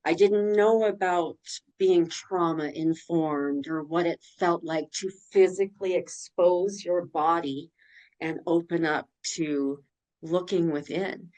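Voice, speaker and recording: A woman's voice: on the low side, a little mellow, rough recording. A woman guest on a podcast telling her personal story in a candid, emotional way, blunt and swearing now and then.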